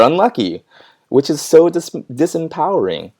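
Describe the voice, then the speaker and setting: A man vlogging about his business in casual chat, reading viewer comments and answering them in a reflective, encouraging way with frequent ums and soft laughs. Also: mid-range voice, expressive, normal speed. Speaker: pet groomer vlogger.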